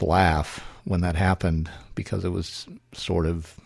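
A man's voice: low-pitched, level tone, slow pace, creaky, darkish tone, no room sound, studio quality. A man hosting a solo podcast, thinking aloud in a wry, self-correcting way. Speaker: podcast host.

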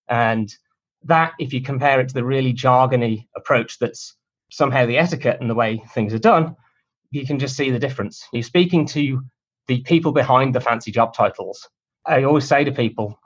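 A man's voice: mid-range voice, highs cut off. A man being interviewed about his work, talking in a chatty, cheeky, self-deprecating way. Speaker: guest, cold email marketer. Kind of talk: casual conversational interview answers.

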